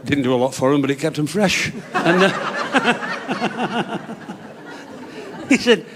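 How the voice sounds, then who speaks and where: Bloke doing club stand-up, bit higher voice, chuckles along. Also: male voice, very animated, slow pace, background noise. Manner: chatty, chuckles between lines, broad punchlines. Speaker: stand-up comedian. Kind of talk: club stand-up joke telling.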